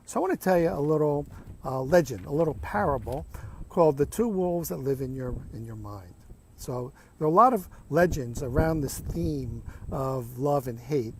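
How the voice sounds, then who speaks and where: A man hosting a self-help video series, talking in an unhurried, reflective way from the deck of a beach house. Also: fairly high pitch, warm tone, slight background noise. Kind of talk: reflective vlog monologue.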